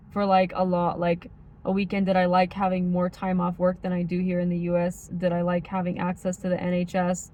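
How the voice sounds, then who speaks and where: A woman with a faint Midwestern accent chatting casually as a vlogger, rambling and filling every pause with "like" and "um". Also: fairly low pitch, darkish tone, slight background noise. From United States. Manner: rambling, heavy use of like and um. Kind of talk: casual chat.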